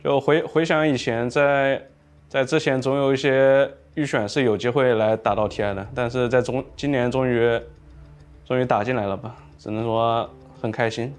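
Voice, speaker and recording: Soft-spoken male pro gamer. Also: mid-range voice, fairly even intonation, normal speed, clear, resonant tone, faint music behind. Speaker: pro player. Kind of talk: interview answers.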